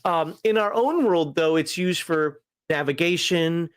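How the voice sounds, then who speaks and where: A man co-hosting a relaxed tabletop gaming talk show, rambling with frequent laughs and fillers. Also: a little high, a little slow, clean tone, no echo. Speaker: podcast co-host reviewing a tabletop magazine. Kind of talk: casual chat.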